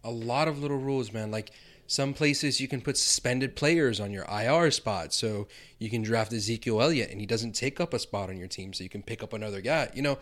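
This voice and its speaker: A man co-hosting a podcast, giving tips in relaxed, teasing banter. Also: mid-range voice, brisk. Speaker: podcast co-host. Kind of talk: casual chat.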